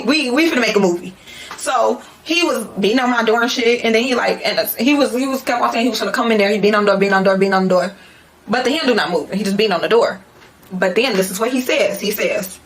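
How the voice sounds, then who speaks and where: A young woman vlogger telling a story in a casual, animated way, full of slang and swearing. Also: mid-range voice, slight background noise. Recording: echoey room.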